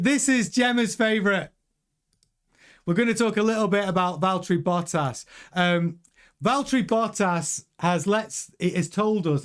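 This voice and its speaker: A man hosting a casual news commentary show, chatty and rambling with many restarts and fillers. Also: sits high.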